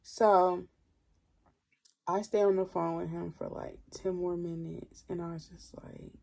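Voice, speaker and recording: A young woman telling a storytime tale in casual chat, drained and low on energy, leaning on 'like' as she talks. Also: little pitch movement, a little slow, creaky, a little mellow. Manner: chatty, leans heavily on 'like'. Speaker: vlogger.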